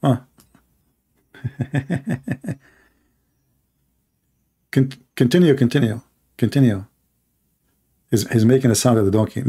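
A man's voice: mid-range voice, a little fast, pauses often, mellow, slightly rough. A man hosting a live call-in stream, mocking and repeating his phrases as he talks to callers and the audience.

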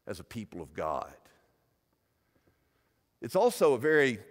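A man preaching a sermon as pastor, emphatic, building up and dropping back in loudness. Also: mid-range voice. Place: church sanctuary. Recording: long church-hall reverb.

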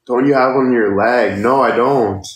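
A young man in his twenties hosts a live stream, casually chatting and thanking viewers for gifts despite being tired and sore. His voice is medium-pitched at a moderate pace, with an echoey room around it.

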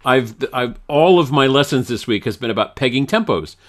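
A man chatting in a music class, talking casually with many halting restarts. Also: medium pitch, animated, a bit bright.

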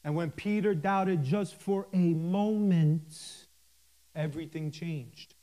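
A man with a notably high voice delivers a sermon at an unhurried, drawn-out pace. He reads scripture verse by verse, leaning on emphatic pauses and breaking in with fervent hallelujahs. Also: dark tone. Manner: fervent, interjects hallelujah and praise God. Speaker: minister.

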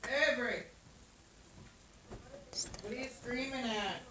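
A woman's voice: fairly high pitch, slow pace, far from the mic. An older woman, a grandmother, calling out to the kids from off-camera in casual family talk. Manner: calls out to the children from off-camera. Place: family home. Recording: noisy home video.

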